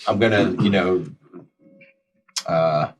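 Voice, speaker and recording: Deep-voiced man playing a tabletop game. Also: slow, low-quality recording. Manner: brief, easygoing replies. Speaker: player. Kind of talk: casual tabletop play.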